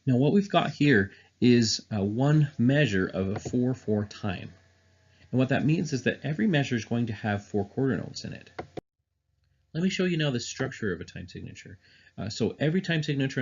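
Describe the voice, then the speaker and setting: A man's voice: medium pitch, darkish tone, lo-fi sound, a little hiss or hum. A man teaching music theory in a recorded online lesson, explaining step by step with frequent "uh" and "um" fillers.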